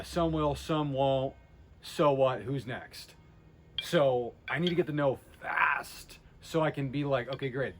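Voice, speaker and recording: A man giving a casual, energetic talk to camera on sales methods, blunt and quick to interrupt himself. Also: medium pitch, slight background noise. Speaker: sales trainer.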